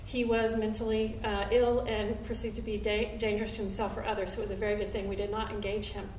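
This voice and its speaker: A woman telling a story on stage at a live show, acting out what people said with big jumps in pitch and loudness. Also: fast talker, a little hiss or hum. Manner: animated, acts out quotes with big jumps in pitch and volume. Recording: roomy live venue, recorded from a distance.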